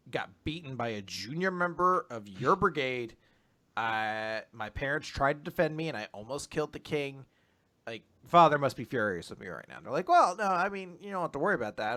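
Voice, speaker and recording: Bright-voiced young man recapping casually. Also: medium pitch. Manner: rambling summaries with animated quoted voices. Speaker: podcast co-host recapping manga. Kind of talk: casual chat.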